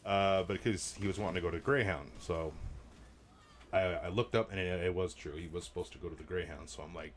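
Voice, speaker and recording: A man's voice: low voice, fairly even intonation, brisk, a little hiss or hum. A laid-back man chatting casually while gaming, rambling and swearing freely as he tells stories. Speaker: game streamer.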